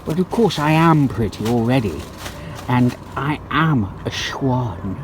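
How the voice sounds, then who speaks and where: A man voicing a vain swan mother with her babies in a slow, silly, sing-song way. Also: medium pitch, animated, very noisy.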